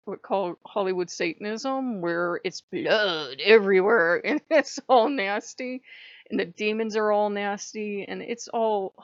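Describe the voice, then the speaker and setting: A woman hosting a casual spiritual vlog, telling stories in an animated, profane way and laughing often, on a dull lo-fi mic. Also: medium pitch, no echo. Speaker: channel host.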